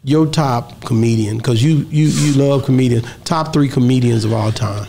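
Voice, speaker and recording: A man hosting a casual interview, animated and slangy, laughing often. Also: medium pitch, normal speed, gravelly. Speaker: host.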